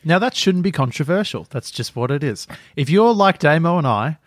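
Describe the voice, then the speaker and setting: A man's voice: on the high side, expressive, normal speed, no room sound. A man co-hosting a film podcast, giving blunt, dry opinions. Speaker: podcast co-host. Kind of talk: casual film chat.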